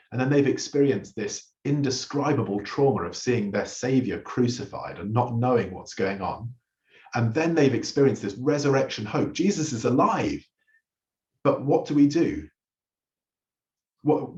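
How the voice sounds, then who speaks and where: A man's voice: mid-range voice, darkish tone. Echoey, lo-fi male pastor preaching. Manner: earnest storytelling, acts out quoted lines. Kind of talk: sermon. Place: church hall.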